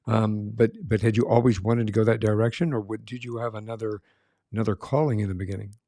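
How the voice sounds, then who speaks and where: Gravelly low-voiced male host. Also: fairly even intonation, quick pace, dark tone, dry recording, studio quality. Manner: affirming, asks long questions. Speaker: podcast host. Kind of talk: interview conversation.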